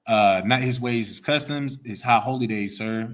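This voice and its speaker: Leading a religious class, this man asks his students questions and coaxes responses from them. His voice is mid-range and a bit bright, and he repeats himself a lot, reading scripture slowly and with care.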